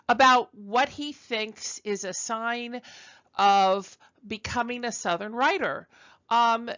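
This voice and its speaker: A woman's voice: mid-range voice, sharp tone, dull audio. A woman from Brooklyn giving a conversational recorded university lecture, chatty and self-deprecating, with frequent ums and uhs. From Brooklyn, New York.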